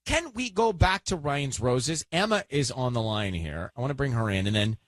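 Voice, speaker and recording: A man's voice: mid-range voice, animated, dry recording, studio quality. Teasing male radio host. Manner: teasing, quick to cut in. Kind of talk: morning radio banter.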